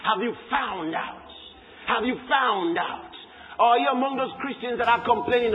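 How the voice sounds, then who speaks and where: A man preaching a sermon emphatically, repeating words and breaking into shouts. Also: very high voice, normal speed, big-room sound, highs cut off, a little hiss or hum.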